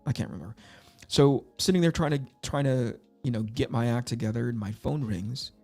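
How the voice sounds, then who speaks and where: Gravelly middle-aged man telling stories. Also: mid-range voice, brisk, mellow, soft background music. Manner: rambling, self-deprecating storyteller. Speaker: livestream host. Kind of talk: casual livestream chat while drawing.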